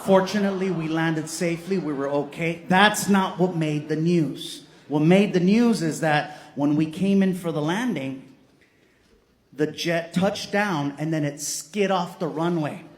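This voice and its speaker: A stand-up comedian whose voice is run through an AI baby voice filter, telling stories with animated delivery and shouted punchlines. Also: male voice, a little high, a little slow.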